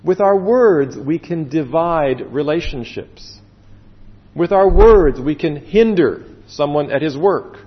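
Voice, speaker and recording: A male pastor preaches in a slightly high, very lively voice, leaning on slow, drawn-out words and then falling quiet. The sound is dull and carries a long hall reverb. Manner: earnest, with slow drawn-out emphasis and sudden drops to quiet. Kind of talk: sermon.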